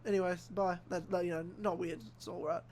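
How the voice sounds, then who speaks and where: A young man from Australia, hosting a casual podcast and telling an animated story full of acted-out quotes and swearing. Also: high-pitched, brisk, vocal fry. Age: young adult. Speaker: podcast host. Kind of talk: casual chat.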